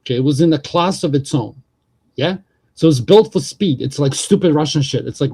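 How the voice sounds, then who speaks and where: A man's voice: on the high side, animated, fairly quick, warm tone, breathy edge. A man hosting a livestream, talking politics in a casual, profane, rambling way.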